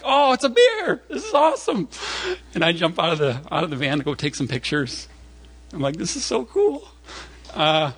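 A male pastor telling a story from the pulpit with a lively, swooping delivery and a fairly high voice. He is chatty and animated, stumbles through restarts and fillers, and acts out the voices in his story. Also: husky. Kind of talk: storytelling sermon.

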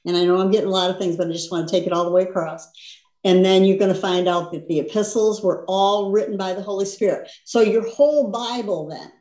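A woman's voice: medium pitch, mellow. A woman teaching scripture in a loose, conversational preaching style. She keeps checking with her listeners as she goes, and her mid-range voice rings in a roomy space. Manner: conversational preaching, frequent "you understand?" and "see?". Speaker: Bible teacher. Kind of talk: sermon.

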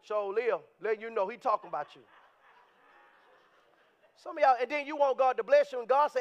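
A man preaches in a church with a strikingly high voice. He talks to the congregation in a lively, conversational way and at times rises to shouts. The recording sounds dull and lo-fi. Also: normal speed, pauses often. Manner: animated, conversational, rising to shouts. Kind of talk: sermon. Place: church sanctuary.

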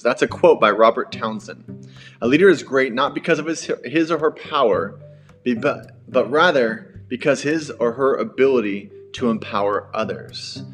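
A man's voice: medium pitch, a bit bright. A man, a pastor, hosting a podcast on leadership in a conversational, self-deprecating way with storytelling asides.

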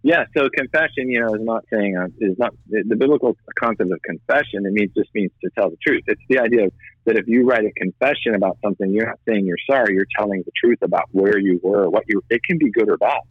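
Low-voiced earnest man. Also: no room sound. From United States. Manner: earnest, halting, repeats words while telling a story. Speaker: guest. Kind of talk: personal testimony in conversation. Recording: slightly dull, dry audio.

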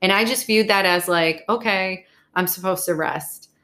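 A woman's voice: mid-range voice, normal speed, sharp tone. A young adult woman hosting a podcast alone, talking in a casual, blunt and profane way about staying positive. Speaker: podcast host. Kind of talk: casual solo podcast monologue.

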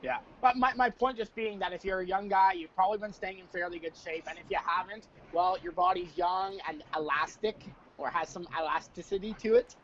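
A man's voice: high voice, fairly quick, a bit bright. Man, co-host, casual sports chat, teasing, dull lo-fi sound, faint noise. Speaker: podcast co-host.

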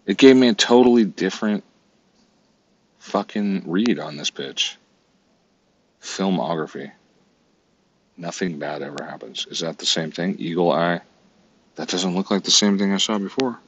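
Deep, husky-voiced man muttering exasperated commentary. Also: unhurried, long pauses. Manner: swearing, exasperated, talks to himself. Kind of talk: casual commentary while browsing online.

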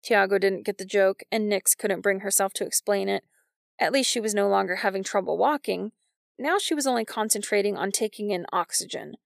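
Gravelly woman narrating a novel. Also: medium pitch, a little fast, no echo, studio quality. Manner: wry, even storytelling. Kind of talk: scripted audiobook narration.

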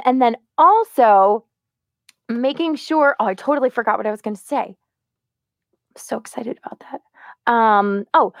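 Lively woman with slight vocal fry. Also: fairly high pitch, no room sound, studio quality. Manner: lively, animated, lots of laughs and vocal demos. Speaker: co-host, voice-over artist. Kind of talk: casual podcast chat giving voice tips.

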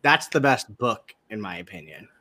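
A man's voice: mid-range voice, animated, normal speed, pushed and bright, no echo. A young man co-hosting a podcast, talking casually with slang and lots of fillers. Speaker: podcast co-host. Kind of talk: casual chat.

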